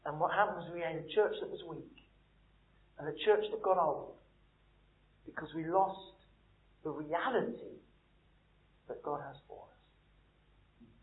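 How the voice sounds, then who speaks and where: A man preaching a sermon, blunt and emphatic, swinging between quiet and loud. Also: a little high, a little slow, pauses often. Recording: echoey room over a tinny, phone-like line.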